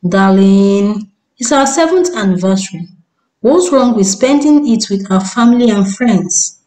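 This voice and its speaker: A woman's voice: mid-range voice, lively intonation, a little slow, a little mellow, echoey room, natural voice, poor audio. A woman voicing a devoted young husband who speaks soothingly and coaxingly.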